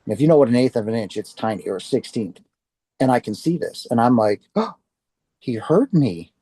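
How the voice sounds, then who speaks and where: A man's voice: mid-range voice, lively intonation, brisk, mellow, slightly rough, no room sound. A man giving an earnest personal testimony to an audience about his near-death experience, acting out his own past reactions as he tells it.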